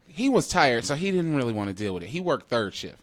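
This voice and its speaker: A man, co-hosting a podcast in casual chat, animated and laughing as he acts out quotes. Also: medium pitch, fast, no echo. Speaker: podcast co-host.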